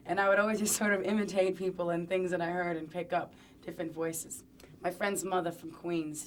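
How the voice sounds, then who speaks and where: Young woman in a sit-down interview, kinda low voice, playful and chatty, pokes fun at herself. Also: fairly even intonation, fairly quick, slight background noise. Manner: playful, chatty, self-mocking. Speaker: interviewee, singer.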